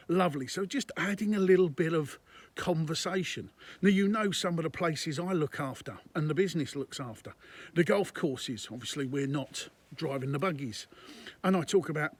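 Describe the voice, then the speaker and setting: A man's voice: a little high, brisk, breathy edge. A man, a business consultant, giving conversational and emphatic business advice to camera, repeating his points.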